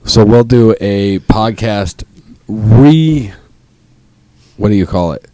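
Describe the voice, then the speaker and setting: A young man co-hosting a podcast, a bit tipsy, telling rambling profane stories with sudden loud bursts. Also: lowish voice, expressive, takes it slowly, dry recording. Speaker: podcast co-host. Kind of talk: casual chat.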